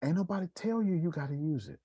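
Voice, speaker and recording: A man giving a casual, preacherly motivational talk on live video, swinging between loud bursts and hushed asides. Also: fairly high pitch, expressive, fast talker, slightly rough, no echo.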